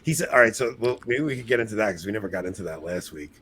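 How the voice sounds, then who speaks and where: A man hosting a podcast in casual chat, animated, laughing at himself and restarting his sentences. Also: fairly low pitch, very fast, a little hiss or hum. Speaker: podcast host.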